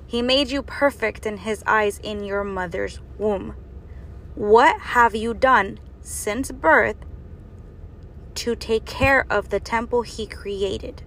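A woman's voice: on the high side, takes it slowly, fairly bright tone, a little hiss or hum. A woman giving an earnest faith and health talk, exhorting her listeners with strings of rhetorical questions. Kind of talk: preaching monologue.

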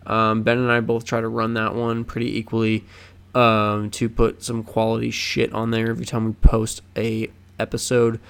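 Young male podcast co-host, gravelly, loose and rambly, casual swearing. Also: on the low side, monotone, moderate pace. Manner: rambling, swears, lots of fillers and restarts. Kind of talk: casual chat.

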